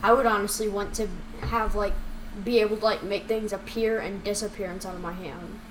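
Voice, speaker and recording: A woman's voice: medium pitch, steady tone, brisk, slight background noise, low-quality recording. A woman in a casual chat, talking hesitantly with lots of fillers. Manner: hesitant, many likes, trails off.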